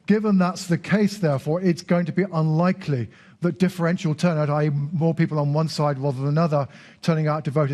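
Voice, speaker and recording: A man explaining polling figures and turnout in a measured, explanatory way as an expert guest on a debate panel. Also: fairly high pitch, a little mellow. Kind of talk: analytical commentary.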